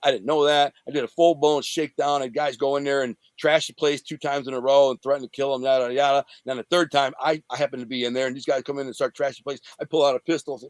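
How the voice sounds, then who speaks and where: A middle-aged man from the Detroit area, an interview guest telling a story in a rambling, profane, animated way. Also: medium pitch, quick pace, hardly any pauses, no echo. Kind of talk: casual storytelling.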